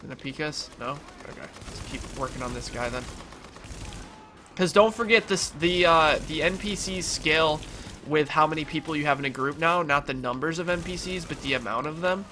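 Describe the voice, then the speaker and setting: A young man talks casually over his own gameplay, his voice nasal and stuffed up from allergies. His tone is bright and forward, and he chats easily, padding his sentences with ums and you-knows as he reassures his viewers. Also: on the high side, normal speed, slight background noise. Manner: chatty, filler-heavy, reassuring the viewers. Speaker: gaming YouTuber.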